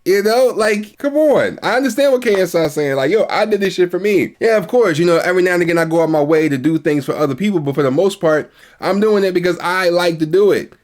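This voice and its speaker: A man's voice: high voice, lively intonation, fast talker, a little mellow. A man giving casual reaction commentary, agreeing often and speaking in loose slang with restarts. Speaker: YouTube reaction host.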